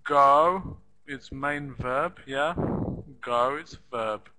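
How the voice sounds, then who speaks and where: A man teaching a beginner English lesson, repeating example sentences slowly and tapping out rhythm with "da da da". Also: medium pitch, sharp tone, low-quality recording. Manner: slow, deliberate, repeats sentences for learners; claps out rhythm with "da da da". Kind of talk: live online language lesson.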